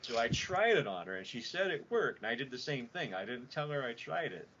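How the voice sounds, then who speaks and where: A man's voice: medium pitch, fairly quick. Rambling, profane man podcaster. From Utah, USA. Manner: rambling, profane, animated storyteller. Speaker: podcast co-host. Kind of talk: casual storytelling chat. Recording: dull lo-fi podcast audio with faint noise.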